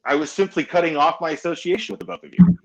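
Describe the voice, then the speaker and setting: A man's voice: fairly high pitch, fairly even intonation, fast talker, gravelly, husky, low-quality recording. A man in a heated argument on a livestream, insistently repeating his points.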